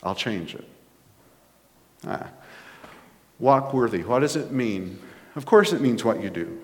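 A man's voice: medium pitch, lively intonation, a little slow. A man preaching a conversational sermon as pastor, rising to emphatic points. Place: church sanctuary. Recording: long reverb of a church hall.

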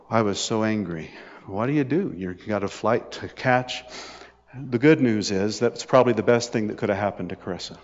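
A man's voice: lowish voice, moderate pace. Man, middle-aged preacher, anecdotal sermon, sarcastic asides, muffled sound, long hall echo. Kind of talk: sermon storytelling.

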